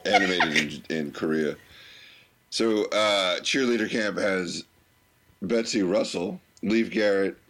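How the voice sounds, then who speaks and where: A man's voice: low-pitched, takes it slowly, fairly bright tone, a little hiss or hum. A man hosting a podcast, bantering and laughing often with his co-host. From United States. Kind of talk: casual banter.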